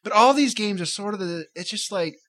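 A man's voice: high voice, animated, brisk, a bit bright. Man on a cheap mic, hesitant chat. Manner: hesitant, searching for words. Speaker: podcast co-host. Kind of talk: casual chat. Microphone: cheap instrument mic.

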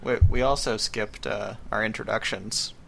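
A man with a deep, strongly gravelly voice full of vocal fry, chatting casually as a podcast co-host. He sounds offhand and jokey, pitched a little low, with a faint hiss in the background. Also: fairly even intonation, normal speed, fairly bright tone. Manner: jokey, offhand, reads out show links. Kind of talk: casual chat.

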